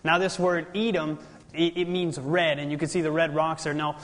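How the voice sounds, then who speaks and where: A man reading scripture slowly and deliberately, then explaining it in a bible study. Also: fairly high pitch, level tone, fairly bright tone, in a large hall.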